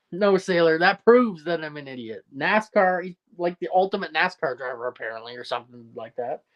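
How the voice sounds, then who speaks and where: A man's voice: a little high, animated, normal speed, highs cut off. A man with a Newfoundland accent hosting a casual livestream, reading out viewer comments and rambling jokily with frequent laughter. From Newfoundland, Canada. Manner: rambling and jokey, laughs often. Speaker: livestream host.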